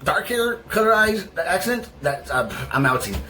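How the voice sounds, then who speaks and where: A man talks to his viewers in a loose, rambling vlog, stumbling over fillers and restarting his sentences. His voice is still on the mend. His pitch swings widely, leaping up and dropping down as he goes. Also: big pitch swings, normal speed, background noise. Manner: affectionate toward viewers. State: voice still recovering. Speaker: channel host. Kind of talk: casual vlog talk to viewers.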